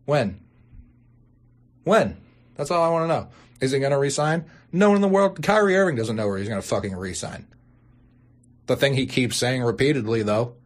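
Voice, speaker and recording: A young man hosting a sports podcast, ranting and swearing, his voice jumping high when outraged. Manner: exasperated, swearing, bursts into high-pitched outrage. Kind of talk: profane ranting podcast intro.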